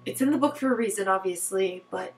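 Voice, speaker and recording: A woman giving a casual book review at home, excitable and rambling, with lots of "like" fillers. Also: medium pitch, fairly quick, gravelly, echoey room, faint music behind. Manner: excitable and rambling, heavy use of "like". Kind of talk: casual book talk vlog. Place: top-floor apartment at home.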